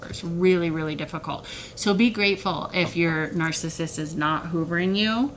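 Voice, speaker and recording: A woman talking straight to the camera about manipulation in a heated, animated way, sometimes mocking the voices of others. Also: fairly low pitch, normal speed, a little hiss or hum, low-quality recording. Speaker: self-help video creator. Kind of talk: emotional direct-to-camera talk.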